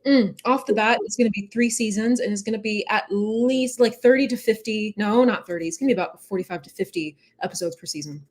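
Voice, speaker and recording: A woman's voice: mid-range voice, a little fast, hardly any pauses. Guest creator, female, from the US South, earnest and reflective. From US South, Atlanta area. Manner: earnest, reflective, tells stories with quoted voices. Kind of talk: casual interview chat.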